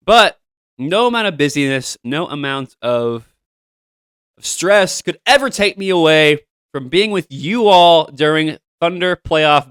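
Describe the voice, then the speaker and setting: A young man hosting his own sports show, talking to his listeners in an animated, hyped fan style with lots of asides. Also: medium pitch, clean tone, dry recording. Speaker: show host. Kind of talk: solo sports podcast talk.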